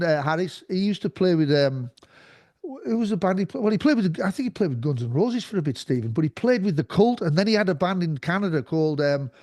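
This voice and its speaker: A man's voice: on the high side, a little mellow, no echo, clean studio sound. A man as a guest in a casual conversation, insistent and rambling, often talking over the host.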